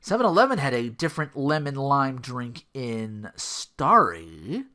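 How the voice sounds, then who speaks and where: A man hosting his own podcast, talking alone in a loose, rambling style. His pitch is lively and bounces up and down a lot. He keeps tripping over his words and running himself down. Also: a little slow. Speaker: podcast host. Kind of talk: casual solo podcast monologue.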